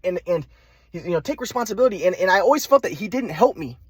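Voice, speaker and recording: A man's voice: sits high, animated, quick pace, breathy edge. A young man telling a personal story in a rambling way, full of restarts and repeated words.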